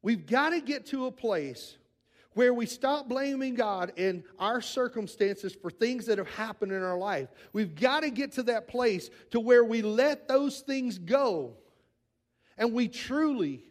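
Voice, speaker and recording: A man preaching a sermon in an earnest style, moving between raised, urgent lines and hushed, quiet ones, and often repeating words when he presses a point. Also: very high-pitched, animated, slow. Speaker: pastor.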